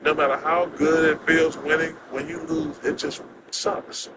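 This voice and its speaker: A man in his sixties, a guest telling casual stories in an animated, drawling way with quick laughs, recorded outdoors. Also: on the high side, heavy background noise. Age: 60s. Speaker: interview guest. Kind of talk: casual storytelling chat.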